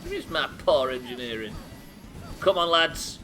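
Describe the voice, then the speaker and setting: A man's voice: mid-range voice, pushed and bright. A man commentating a game live, joking and swearing as he banters with his chat. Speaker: game streamer.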